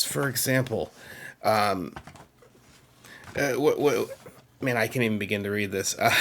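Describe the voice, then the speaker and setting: A man's voice: medium pitch, fairly bright tone. A man, rambling enthusiastically and a little self-deprecatingly as he shows off his music collection on video. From Massachusetts. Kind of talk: casual chat showing a CD collection.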